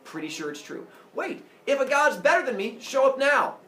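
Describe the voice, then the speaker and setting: Give me a man playing a sassy, boastful young weaver woman in a storybook tale, tossing out taunts in a lively, rising and falling voice. The sound is roomy and a little far from the mic. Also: high voice, measured pace, a little hiss or hum, heavily acted. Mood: cocky. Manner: taunting, offhand. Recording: echoey room, heard from afar.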